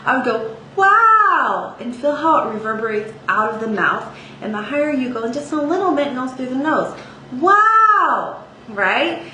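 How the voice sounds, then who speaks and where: A woman gives a singing lesson in a bright, ringing voice, chatting through the exercises and checking in often. Her voice bounces around an echoey room, with faint ambient noise underneath. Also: a little high, fairly quick, hardly any pauses. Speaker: singing teacher. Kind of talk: vocal lesson with sung demonstrations.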